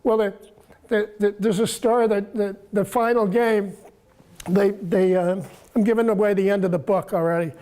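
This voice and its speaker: A soft-spoken man in his seventies tells stories at an easy pace. He stops and starts, repeats words, and chuckles as he talks. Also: high-pitched, fairly even intonation, moderate pace. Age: 70s. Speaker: guest author. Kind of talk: casual storytelling talk.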